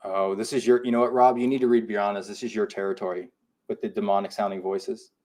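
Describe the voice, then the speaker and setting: A man's voice: fairly low pitch, level tone, quick pace, darkish tone. A man co-hosting a live podcast, reading listener comments aloud and reacting to them. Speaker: podcast co-host. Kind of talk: casual live podcast chat.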